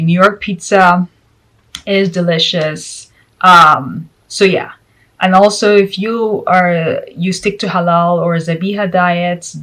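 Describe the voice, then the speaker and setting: A woman vlogger whose first language is Spanish chats casually to camera. Her voice sits a little low. She keeps things light, joking and laughing between her points. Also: fairly bright tone, poor audio. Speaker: vlog host.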